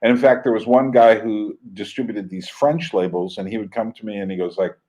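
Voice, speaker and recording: A man's voice: on the low side, fairly quick, warm tone, rough recording. A man hosting an internet radio fundraiser, telling stories in a rambling, casual way with many fillers and restarts. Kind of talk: casual storytelling monologue.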